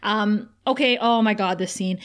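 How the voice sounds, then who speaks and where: Woman podcast co-host, casual recap, expressive retelling, sighs. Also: medium pitch, normal speed, smooth. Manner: retells scenes dramatically, sighs often.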